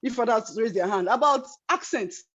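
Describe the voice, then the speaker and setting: A high-voiced woman tells a story on a panel video call. Her voice is husky and the call audio is dull and lo-fi. She talks in a chatty way and laughs often. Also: expressive, moderate pace, fairly bright tone. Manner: chatty, laughs while telling stories. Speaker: panel participant. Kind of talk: community panel discussion.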